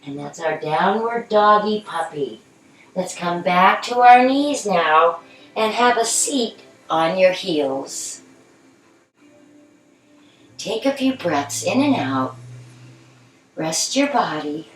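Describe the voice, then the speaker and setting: A middle-aged woman guiding a children's yoga class in a gentle, encouraging, playful way. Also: lowish voice, lively intonation, slow, pauses often, faint music behind. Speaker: yoga instructor. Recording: echoey room, from a distance.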